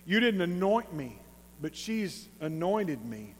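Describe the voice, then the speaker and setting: Man playing a calm teacher, gentle, soft, slow, East Texas accent, long reverb. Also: high-pitched, a little hiss or hum, pitched below the performer's own voice, exaggerated voice. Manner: slow, quietly probing. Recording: long reverb of a large hall.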